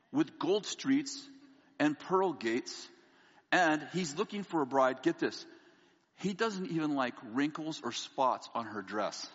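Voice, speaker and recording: A man preaching a sermon to a congregation, acting out his own funny story with energy. His voice sits a bit high and rings bright. The sound is dull and lo-fi, with a long reverb from a large hall. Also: breathy edge. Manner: animated storyteller, acts out dialogue, laughs often. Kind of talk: sermon with a humorous personal story.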